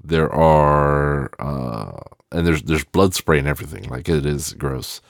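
A man's voice: very deep voice, a little slow, no echo, studio quality. A man giving a rambling, casual film commentary, swearing freely and trailing off in restarts. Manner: rambling and profane, with many fillers and restarts. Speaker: film reviewer.

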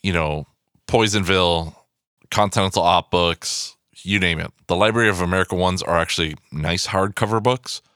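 A man in his thirties hosting a podcast, talking in an excitable, rambling way, swearing a lot and going off on asides. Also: low-pitched, moderate pace, smooth, no room sound, studio quality. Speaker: podcast host. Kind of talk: casual podcast monologue. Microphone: podcast microphone.

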